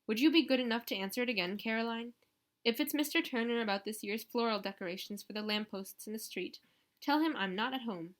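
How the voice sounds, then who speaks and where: A woman's voice: a little high, a little fast, natural voice. A woman voicing a stern, imperious elderly grandmother in an audiobook. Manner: sharp, commanding.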